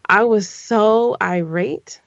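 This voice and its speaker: A woman guest on a casual podcast, telling a story in an animated way, her voice climbing when she gets upset. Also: mid-range voice, takes it slowly, vocal fry, no room sound, dull audio.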